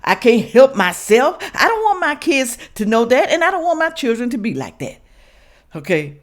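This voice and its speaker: Animated sounding woman vlogger. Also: on the high side, normal speed. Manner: preachy and emphatic, addresses viewers as y'all. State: sniffly with sinus trouble, coughing. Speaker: reaction channel host. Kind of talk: casual direct-to-camera commentary.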